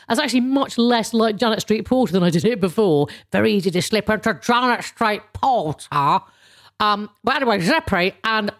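A woman's voice: medium pitch, lively intonation, normal speed. A woman ranting casually to camera in a rambling, sarcastic way, swearing often and restarting her sentences. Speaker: vlogger.

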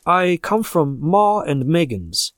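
A man voicing a nervous male messenger who speaks slowly and formally while delivering bad news. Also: on the high side, very animated, fairly bright tone, no echo, studio quality, voice pushed up, heavily acted. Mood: hesitant. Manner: halting, slow, formal.

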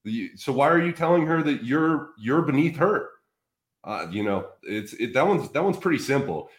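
A man's voice: medium pitch, very animated, moderate pace, reverberant. A man appearing as a podcast guest, speaking directly and matter-of-factly in casual conversation.

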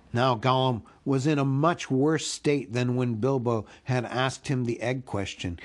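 A man reading a storybook aloud as a podcast host, with an expressive, unhurried delivery. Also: mid-range voice.

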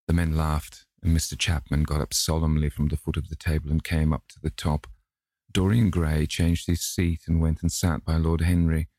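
A man narrating a classic novel in a measured, even way. His voice is very deep, gravelly and husky, recorded on a close microphone in a dry space. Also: dry recording. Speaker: audiobook narrator. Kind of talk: scripted narration.

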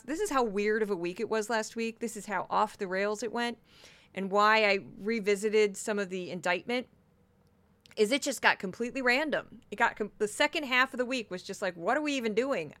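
Loud, bright-voiced woman podcaster. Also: medium pitch, no echo. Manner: loud, fast, chatty, self-described obnoxious. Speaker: podcast host. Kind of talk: solo commentary podcast.

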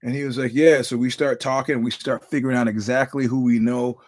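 A man's voice: medium pitch, flat delivery, brisk. A middle-aged man hosting a podcast, telling stories in a loose, profane monologue with lots of restarts. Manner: rambling storyteller, profane, many restarts. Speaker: podcast host. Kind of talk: casual monologue.

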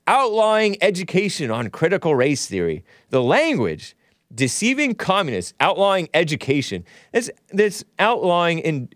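A man's voice: on the high side, dry recording, studio quality. A man hosting his own podcast, delivering solo political commentary in a combative, sarcastic rant with frequent restarts and self-corrections. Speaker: podcast host.

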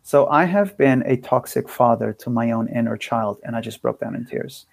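A man speaks as a guest on an interview podcast, his mid-pitched voice carrying a steady gravelly fry. He reflects thoughtfully and candidly, often breaking off and restarting his phrases. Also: moderate pace, dry recording.

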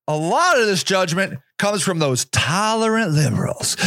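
A man's voice: high-pitched, big pitch swings, normal speed, vocal fry, few pauses, sharp tone, dry recording, studio quality. A man hosting a podcast, delivering a profane, sarcastic monologue rant with mocking put-on voices. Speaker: podcast host. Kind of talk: opinionated monologue.

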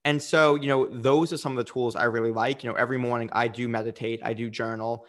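A man's voice: medium pitch, steady tone, fast, a bit bright. A man speaking as a coach in a candid interview, earnest and reflective, with frequent fillers.

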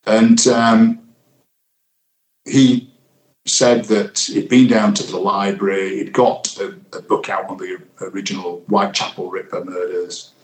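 A man in his sixties, a retired senior detective, recalling a case in a reflective, halting interview manner, acting out what people said. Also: low-pitched, level tone. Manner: reflective, halting with fillers, reenacts quotes. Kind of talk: interview recollection. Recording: echoey room.

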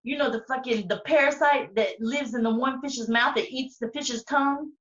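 A woman co-hosting a podcast in casual chat, profane and animated, often breaking into laughter. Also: sits high, normal speed. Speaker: podcast co-host. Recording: roomy, distant, dull sound.

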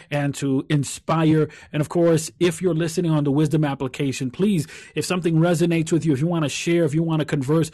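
A man's voice: on the high side, dark tone, no echo. Earnest man hosting a podcast. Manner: earnest, repeats phrases while thinking aloud. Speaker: podcast host. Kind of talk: reflective solo podcast talk.

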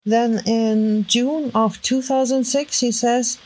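A woman with a heavy German accent, hosting a podcast and thinking aloud in casual commentary as she reads web posts, halting with fillers and restarts. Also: on the high side, steady tone, darkish tone, low-quality recording. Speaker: podcast host. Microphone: home microphone.

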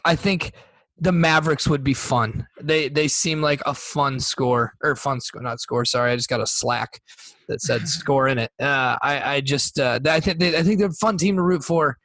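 A man's voice: a little high, fairly bright tone, no echo. A man co-hosting a podcast, talking in a rambling, hesitant way with many restarts. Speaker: podcast co-host. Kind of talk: casual chat.

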